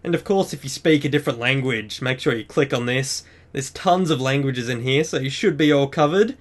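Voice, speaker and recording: A man's voice: medium pitch, brisk. A man hosting a game tutorial, talking casually and explaining each step of a screen-recorded walkthrough in an upbeat way.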